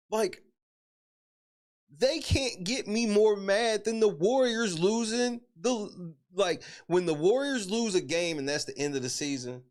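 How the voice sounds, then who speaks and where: A man holds forth on a casual podcast in a loose, profane rant. His pitch swings widely as he talks, rising and dropping with his points, and he breaks into laughter between them. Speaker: podcast host.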